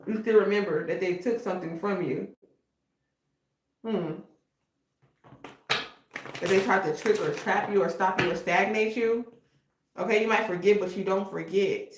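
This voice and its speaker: A woman's voice: mid-range voice, a little slow, long pauses. A woman giving a casual tarot reading in a blunt, slangy way. She often repeats "okay?". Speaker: tarot reader. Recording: echoey room with noise.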